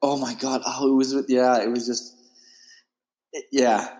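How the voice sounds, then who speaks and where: A man's voice: mid-range voice, little pitch movement, a little slow, darkish tone, in a large hall. A man, a podcast guest talking casually in a laid-back, rambling way. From United States. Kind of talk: casual interview chat.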